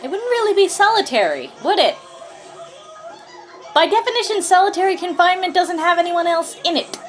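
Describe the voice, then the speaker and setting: A woman with a high voice trades wry, talkative jokes as a co-host. The chat is casual and rambling, with faint TV audio running behind her. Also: big pitch swings, a little fast, soft background music, some chatter behind. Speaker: co-host reacting to a TV episode. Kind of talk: casual chat over a playing episode.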